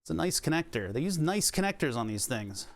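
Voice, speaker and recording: Casual male streamer, a bit high-pitched, joking and self-deprecating while tinkering. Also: big pitch swings, a little fast. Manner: joking, self-deprecating, swears when hurt. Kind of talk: casual live-stream chat while building hardware.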